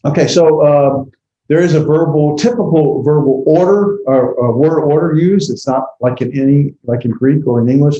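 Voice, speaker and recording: An instructor, tired after a long day, gives a rambling classroom lecture full of fillers and restarts. His mid-range voice is warm and a little fast, captured in an echoey room with dull audio and a slight hiss or hum.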